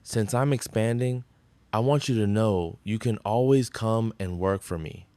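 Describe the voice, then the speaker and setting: A man's voice: on the low side, a little slow, dark tone, dry recording, close to an everyday voice. An actor playing a condescending male rival restaurant owner in a sitcom. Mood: smug. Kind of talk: sitcom acting.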